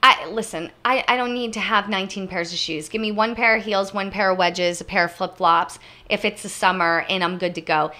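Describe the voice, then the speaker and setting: A woman co-hosting a travel podcast, telling stories in a lively, chatty way and speaking straight to her listeners. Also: medium pitch, fairly quick. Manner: animated storyteller, addresses listeners directly. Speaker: podcast co-host. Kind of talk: casual travel story chat.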